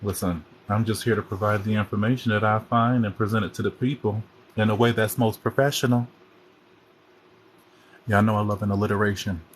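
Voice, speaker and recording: A man's voice: fairly low pitch, steady tone, a little fast, slight background noise. A man hosting a casual livestream chat on his phone, rambling and chatty as he jumps from topic to topic. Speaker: host.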